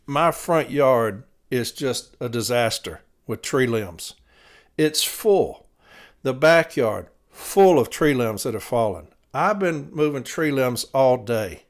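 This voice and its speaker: A man's voice: mid-range voice, animated, a little slow. A tired man hosts his own show, talking bluntly and with plenty of profanity. He lays out his grievances in a casual, fired-up monologue. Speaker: podcast host, city letter carrier.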